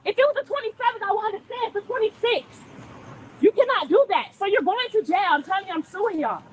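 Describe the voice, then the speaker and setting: A woman's voice: extremely high pitch, animated, fast, slight background noise, rough recording. A woman arguing heatedly and insistently with police at a roadside, repeating herself, caught on a body camera. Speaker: driver stopped by police. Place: outdoors by a road.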